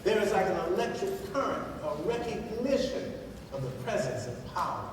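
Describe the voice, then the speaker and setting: High-voiced minister in an echoing hall. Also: male voice, big pitch swings, normal speed. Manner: storytelling, drops low and soft for emphasis. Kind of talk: sermon. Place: large church hall. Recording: distant echoey hall with noise.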